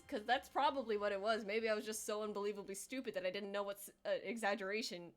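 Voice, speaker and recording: A young woman chats casually on a livestream while she draws, rambling, self-deprecating, packing in filler words and acting out quoted voices in playful, exaggerated tones. Her mid-range voice is steady, and she talks fast with hardly any pauses.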